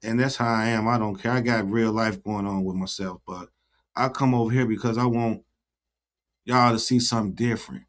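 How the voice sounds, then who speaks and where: A man's voice: lowish voice, steady tone, a little fast. A man hosting his own YouTube channel in a casual livestream chat, talking in an earnest, repetitive, affirming way.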